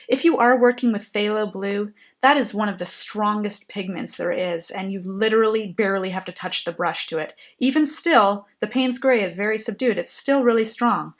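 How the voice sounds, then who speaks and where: A woman explaining a painting technique while she works, in a gentle, thoughtful way. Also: medium pitch. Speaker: painting instructor. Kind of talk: painting tutorial narration.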